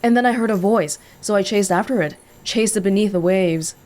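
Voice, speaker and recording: A man's voice: high-pitched, brisk, darkish tone, faint music behind, close to an everyday voice. A man as an earnest game character who came back from death, grateful. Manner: earnest storytelling. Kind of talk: video game dialogue.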